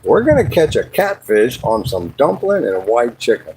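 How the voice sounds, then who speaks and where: A man hosting a casual livestream while fishing, rambling and joking, now and then jumping into high sing-song bits. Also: big pitch swings, moderate pace, few pauses, a little mellow, husky, rough recording. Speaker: livestream host. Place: outdoors by the water, fishing.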